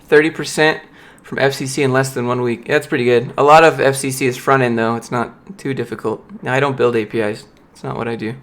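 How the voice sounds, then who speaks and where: A man's voice: medium pitch, fairly even intonation, brisk, hardly any pauses, a bit bright. A young man on a casual livestream, reading and answering viewer chat in a blunt, motivational way. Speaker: streamer, software developer.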